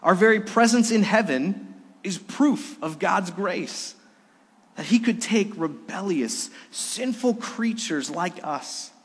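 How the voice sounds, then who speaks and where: A middle-aged male pastor preaching a sermon, swinging between emphatic raised passages and soft, hushed lows. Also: expressive, slow, husky. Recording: long hall reverb.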